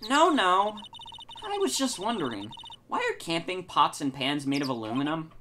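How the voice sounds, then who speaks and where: A woman voicing a perky, curious young woman sidekick in a game, pitched up from her own low voice. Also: very animated, normal speed, background noise. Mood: bubbly. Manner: bubbly, curious.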